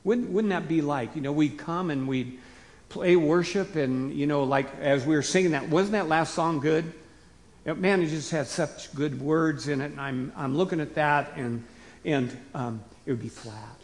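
A man delivers a casual, folksy sermon with a fairly high voice. His voice rings out with a long reverb in a church sanctuary. He jumps to loud emphatic bursts, then falls back to soft asides. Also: moderate pace. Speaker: pastor. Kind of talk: conversational sermon.

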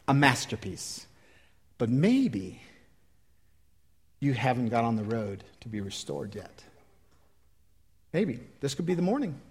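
A man in his fifties preaching a sermon and leading an altar call, emphatic and swinging from loud exhortation to quiet pleading. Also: mid-range voice, breathy edge. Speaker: pastor.

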